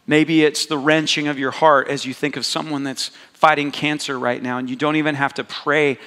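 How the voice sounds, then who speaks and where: A man preaching a sermon as pastor, slow and intimate, repeating words for emphasis. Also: fairly high pitch, flat delivery, fairly bright tone. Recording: long hall reverb.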